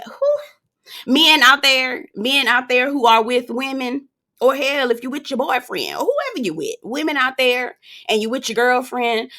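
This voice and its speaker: A woman reviewing a reality show in a casual, animated, gossipy way, talking straight to her viewers. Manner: animated and gossipy, acting out quoted people in a high voice.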